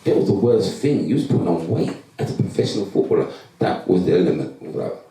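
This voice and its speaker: Low-pitched and fast-talking, a retired professional footballer narrates his life to an event hall audience. He brings each conversation to life by acting it out, and the distant mic picks up plenty of hall echo.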